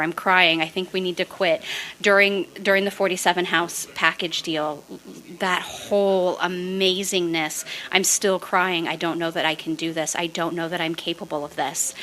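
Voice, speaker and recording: A woman's voice: on the low side, poor audio. A woman with a St. Louis accent, a real estate investor telling her story in a casual podcast interview with many restarts. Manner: animated storytelling with lots of restarts.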